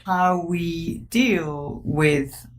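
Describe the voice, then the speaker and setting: A woman, a psychotherapist and author, speaking in a thoughtful, measured way in a warm conversation. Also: fairly low pitch. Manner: thoughtful, measured, laughs easily.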